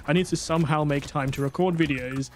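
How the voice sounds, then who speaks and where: A man's voice: fairly quick, slight background noise. A tired man commenting on his gameplay, English not his first language, rambling and self-mocking. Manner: excitable, rambling, self-mocking, jumps to high squeaks when panicking. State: tired late at night. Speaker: gaming YouTuber.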